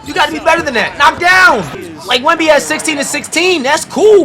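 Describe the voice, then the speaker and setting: High-voiced man hyping a basketball game. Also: a little fast, a faint crowd. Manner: animated, loud outbursts, slangy trash talk. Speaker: basketball reaction YouTuber. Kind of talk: excited live game reaction.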